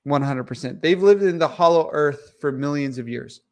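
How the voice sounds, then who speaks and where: A man's voice: fairly high pitch, a little mellow. A man co-hosting a casual podcast, joking, swearing and laughing easily. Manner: joking, profane, quick to laugh. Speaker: podcast co-host.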